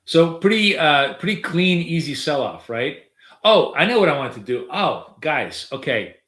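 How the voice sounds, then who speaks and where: A man's voice: fairly high pitch, big pitch swings, a little slow, a bit bright. Middle-aged guy streaming his trades, rambly, swears casually, bit of room echo. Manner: rambling, swears offhandedly, trails off into fillers. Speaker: day trader streaming live. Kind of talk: casual live-stream commentary. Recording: roomy, echoey room.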